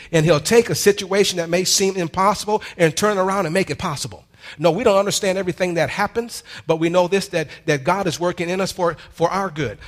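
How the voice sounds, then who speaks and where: A man preaches a sermon, his voice sitting a little high. He mixes easy conversational asides and humor with drawn-out, emphatic lines, calling out to the congregation for responses. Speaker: pastor.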